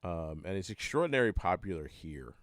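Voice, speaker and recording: Deep-voiced Philly man, rambling chat. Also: big pitch swings, fairly quick, no room sound, clean studio sound. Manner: rambling, profane, joking. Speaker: band member hosting a live hangout. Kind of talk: casual livestream chat.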